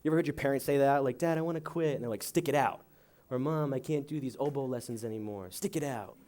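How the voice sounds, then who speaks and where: A man's voice: mid-range voice, very fast. A young man giving a youth sermon, telling a joke story with acted-out voices before praying and reading. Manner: animated storytelling, acting out voices. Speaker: youth pastor. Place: church youth service.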